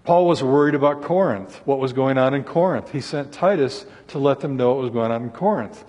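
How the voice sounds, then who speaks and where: A man's voice: mid-range voice, brisk, darkish tone, breathy edge. A male preacher giving an earnest sermon, voicing scripture laments with rising intensity. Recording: long hall reverb.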